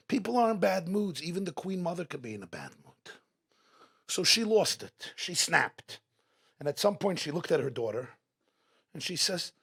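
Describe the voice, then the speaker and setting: A man's voice: medium pitch, fairly bright tone, slightly rough. A man giving an inspirational talk at a community gathering, rhetorical and repeating his questions for emphasis. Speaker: speaker at a religious gathering. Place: community event hall.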